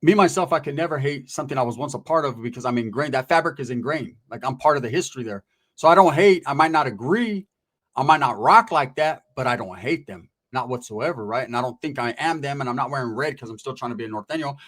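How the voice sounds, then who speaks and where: A man's voice: mid-range voice, expressive, quick pace, a bit bright. A man casually telling prison stories in profane, streetwise slang, acting out the voices of people he quotes. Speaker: guest recounting prison stories. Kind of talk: casual storytelling.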